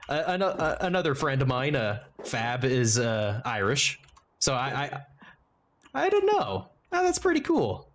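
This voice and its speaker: A man's voice: mid-range voice, a bit bright. A man streaming a game and chatting casually, rambling and joking as he interrupts himself. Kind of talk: casual livestream chat while gaming.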